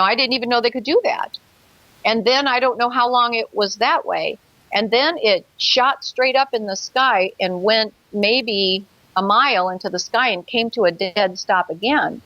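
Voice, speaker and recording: A woman's voice: on the high side, fairly bright tone, dry recording, highs cut off. A woman guest in a talk show interview, telling a personal story earnestly and vividly, with hesitant fillers.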